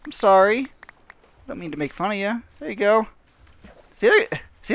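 A man's voice: high voice, very animated, moderate pace, fairly bright tone, a little hiss or hum. A man giving casual, rambling gameplay commentary, mocking himself and laughing often. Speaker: gaming channel host.

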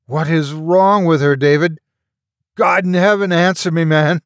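A man voicing a furious grown son who shouts and demands answers in an audiobook horror story. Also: mid-range voice, big pitch swings, moderate pace, dry recording, studio quality. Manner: loud, commanding shouts.

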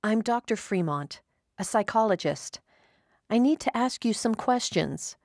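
A woman voicing a calm, kind psychologist who speaks gently and reassuringly. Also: a little high, a little slow, no echo, clean studio sound, pitched above the performer's own voice. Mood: gentle.

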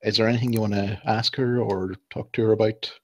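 Husky-voiced game master narrating. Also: male voice, fairly low pitch, a little fast, no room sound. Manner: relaxed, laughing narration with fillers.

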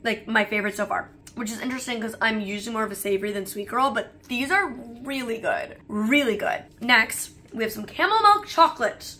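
Bright chatty young woman vlogger. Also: fairly high pitch, fairly quick, hardly any pauses. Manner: chatty, leans on "like" as filler. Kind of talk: casual chat while taste-testing snacks.

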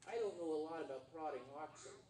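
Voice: medium pitch, lively intonation, fast talker, darkish tone. A pastor giving a sermon in a conversational way, quizzing the congregation as he goes. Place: church sanctuary. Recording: roomy church hall from far off, faint noise.

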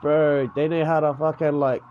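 A man's voice: fairly high pitch, little pitch movement, moderate pace, phone-quality sound, slight background noise. A man from New Zealand with a New Zealand accent, chatting casually in a game's voice chat, rambling, swearing freely and tagging on "eh" and "bro". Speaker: gamer in voice chat.

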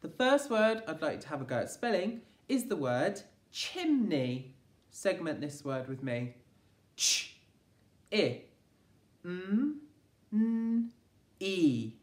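An English woman teaches phonics to young children, low in pitch but lively in melody as she stretches out each sound. She speaks slowly and encouragingly. Her voice carries a roomy echo, picked up from a little way off the mic. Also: far from the mic. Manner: slow, sounding out phonemes one by one; encouraging, clear classroom delivery. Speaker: primary school teacher. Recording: echoey room, voice from off-mic.

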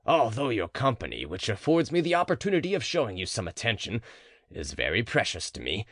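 A man's voice: lowish voice, huge pitch swings, a little fast, a bit bright, husky, no room sound, studio quality, exaggerated voice. A man voicing a portly, worn-out provost who speaks in a heavy, formal and polite way. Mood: pleading. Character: portly, worn-out middle-aged male provost.

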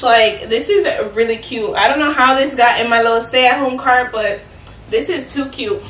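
Chatty high-voiced young woman in a roomy space. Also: a bit bright. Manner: chatty, playful, talks straight to viewers. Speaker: fashion vlogger. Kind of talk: casual try-on haul chat. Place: at home, in an echoey room. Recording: roomy, from a distance.

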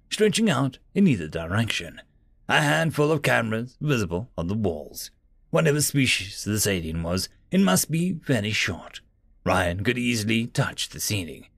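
Male narrator for sci-fi story readings, gravelly, animated, dry close sound. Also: mid-range voice, moderate pace, no echo. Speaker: story narrator, channel host.

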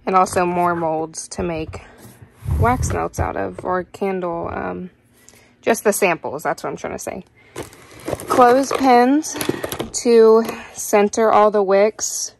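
A woman's voice: lowish voice, steady tone, unhurried, creaky, noisy background. A young woman giving a casual, rambling tour of her basement candle studio, chatty and full of fillers, a little out of breath. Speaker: candle business owner.

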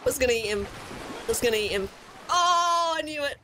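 Young woman gamer streaming, kinda high voice, swears a lot, easily spooked. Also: fast talker, slight background noise. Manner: excitable, swears a lot, jumpy and scared. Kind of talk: gaming commentary.

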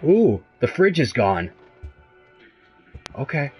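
A young man commenting live on a horror game, jumpy and profane, moving between hushed muttering and high-pitched yelps. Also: big pitch swings, takes it slowly, slightly rough, soft background music, low-quality recording. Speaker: gaming host playing a horror game.

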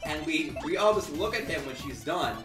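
A man's voice: a little high, lively intonation, moderate pace, far from the mic. A young man casually rambling through an anecdote as a co-commentator on a game video. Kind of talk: casual storytelling chat. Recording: echoey, off-mic with game music.

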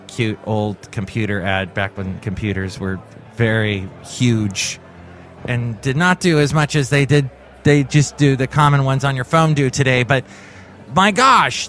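A man's voice: mid-range voice, a bit bright. A man hosting his own daily podcast from home, rambling in a jokey, sarcastic monologue. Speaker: podcast host. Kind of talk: casual comedic monologue.

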